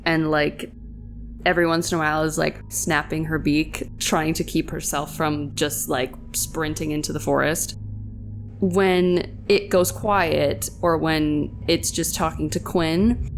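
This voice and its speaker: A woman player describing her character casually, with many fillers. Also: low voice. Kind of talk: casual tabletop play.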